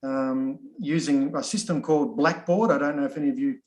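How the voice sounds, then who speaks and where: A man's voice: mid-range voice, brisk, a little mellow, echoey room, rough recording. A middle-aged man with an Australian accent introducing himself in an easygoing, chatty way on an online course, full of ums and restarts. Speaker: course facilitator. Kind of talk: casual self-introduction in an online session.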